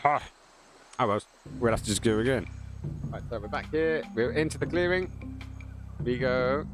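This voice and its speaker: A man's voice: medium pitch, normal speed. A man giving chatty, joking gameplay commentary with crude asides as a streamer. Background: game music.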